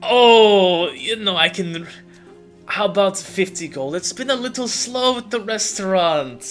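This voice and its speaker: A man voicing a nervous, weaselly older male gnome restaurant owner with a high, fawning stammer. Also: lively intonation, measured pace, a bit bright, soft background music.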